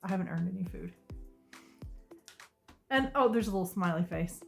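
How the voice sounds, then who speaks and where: A woman's voice: lowish voice, expressive, moderate pace, vocal fry, long pauses, faint music behind. A woman telling a storytime vlog from her sister's couch, talking casually with exasperated, sarcastic asides. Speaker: vlogger. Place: sister's living room couch.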